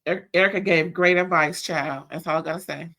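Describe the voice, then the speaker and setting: A woman hosting a casual reality TV recap, telling the story in an animated way with slang and playful impressions. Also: on the low side, fairly quick.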